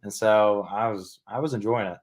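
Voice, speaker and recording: A young man from Alabama chats as a podcast guest over a remote call. His voice sits somewhat low, and he talks in an easygoing way, thinking aloud with plenty of ums. He speaks casually and unhurriedly. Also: fairly even intonation, moderate pace. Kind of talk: casual interview chat.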